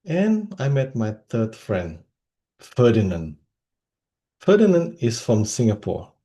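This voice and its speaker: Animated man telling a comic speech. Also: mid-range voice. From Indonesia. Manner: animated, comic storytelling with voices. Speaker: club speaker. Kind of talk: humorous speech.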